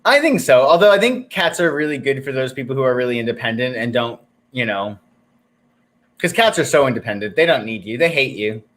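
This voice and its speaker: An easygoing man co-hosts a casual live stream. His voice sits at a middle pitch, and he talks in a relaxed, joking way. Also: fairly quick. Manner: easygoing, joking, bursts into silly singing. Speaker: co-host, psychic.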